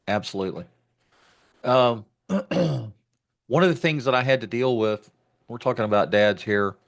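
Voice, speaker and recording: A man hosting a podcast interview, talking reflectively about fatherhood with many restarts. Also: mid-range voice. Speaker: podcast host. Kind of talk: conversational interview.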